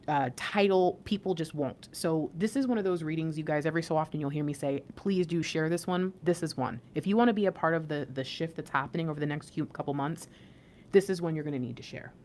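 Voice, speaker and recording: A woman's voice: deep voice, quick pace, darkish tone, a little hiss or hum. A woman hosting an intuitive spiritual reading, talking casually and reassuringly to her viewers, rambling a little with fillers and restarts. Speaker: intuitive reader and channel host.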